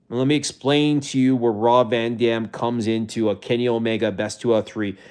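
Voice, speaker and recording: A male streamer speaks casually to his viewers from indoors at a rental home. His pitch sits in the middle for a man. He rambles, restarts his sentences often, and at times sounds close to tears. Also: fairly even intonation, a little fast, hardly any pauses, a little mellow, smooth. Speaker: livestreamer.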